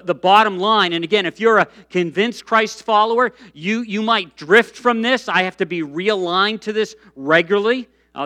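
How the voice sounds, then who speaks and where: Bright high-voiced middle-aged pastor. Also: male voice. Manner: lively storytelling, frequent restarts and fillers. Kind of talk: sermon.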